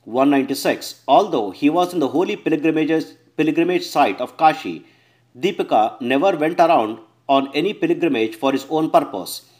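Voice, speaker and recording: A man's voice: fairly high pitch, expressive, a little mellow. Man reading scripture verse by verse. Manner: measured, announces verse numbers, occasional self-corrections. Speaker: reader of a scripture translation.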